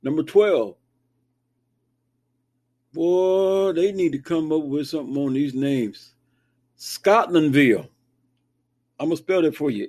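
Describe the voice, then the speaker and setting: Higher-voiced man reading sports rankings. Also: slow pace, long pauses, darkish tone. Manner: conversational, reads list with asides. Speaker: show host. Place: Kansas, near Wichita.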